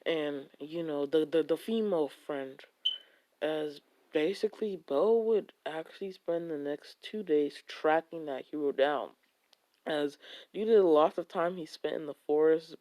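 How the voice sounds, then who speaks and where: A man's voice: a little high, a little slow, warm tone. A man telling an improvised fan fiction story, rambling and full of filler words.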